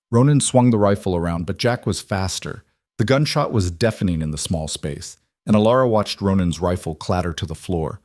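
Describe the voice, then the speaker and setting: A man narrating a western story in a steady, measured, scripted way. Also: sits low, no room sound, clean studio sound.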